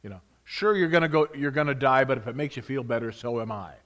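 A man preaching a sermon, swinging between loud emphasis and hushed whispers, reading scripture with rising excitement. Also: mid-range voice, fast.

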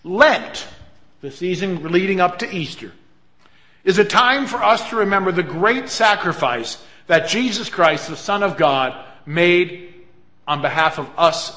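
Male pastor, earnest storyteller, bright and forceful tone. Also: high-pitched, animated, measured pace. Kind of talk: sermon.

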